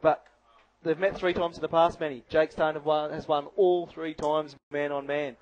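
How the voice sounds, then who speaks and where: A man's voice: a little high, fairly even intonation, moderate pace, darkish tone, muffled recording. A man giving live color commentary on a bodyboarding contest, chatty and analytical with lots of "you know".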